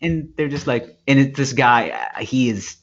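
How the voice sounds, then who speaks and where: A man talking casually with his co-hosts, his pitch swinging widely as he rambles through stories. The recording is dull and lo-fi. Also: measured pace. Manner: rambling, animated, puts on voices when retelling stories. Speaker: podcast co-host. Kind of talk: casual chat. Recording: dull lo-fi podcast audio.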